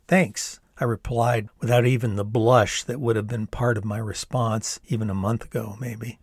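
A man's voice: fairly low pitch, flat delivery, normal speed, darkish tone, husky, no room sound, clean studio sound. Older man reading his own memoir. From the United States. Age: 60s. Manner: wry, conversational storytelling. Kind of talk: storytelling narration.

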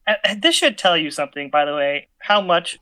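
Bright-voiced man telling a story. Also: a little high, a little fast, clear, resonant tone. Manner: animated, laughing often, many fillers and restarts. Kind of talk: casual chat, telling a childhood story.

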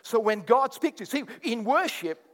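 A man preaching a sermon as pastor, swinging from quiet asides to loud, animated bursts and mock prayers. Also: very high voice, normal speed, in a large hall.

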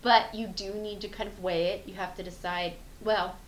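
A woman's voice: medium pitch, flat delivery, normal speed. Frank, chatty woman in a roomy space. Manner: frank, reflective, laughs easily, swears casually. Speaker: podcast co-host. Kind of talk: casual conversational chat. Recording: roomy sound with faint background hum.

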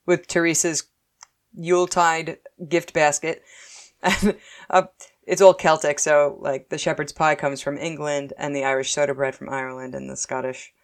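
A woman chatting casually as a co-host, telling animated stories and laughing often. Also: low voice, normal speed. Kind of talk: casual chat.

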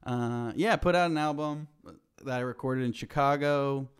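A man in his thirties chats loosely as a podcast guest. He jokes around and acts out quotes in playful voices, at an ordinary middle pitch. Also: moderate pace, clear, resonant tone. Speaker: guest comedian. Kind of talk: casual podcast chat.

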